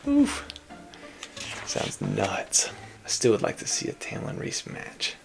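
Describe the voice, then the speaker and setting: A man's voice: lowish voice, huge pitch swings, takes it slowly, creaky, music in the background. A man casually reacting to a fantasy romance novel he is reading, joking and laughing a lot. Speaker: book reviewer, reader.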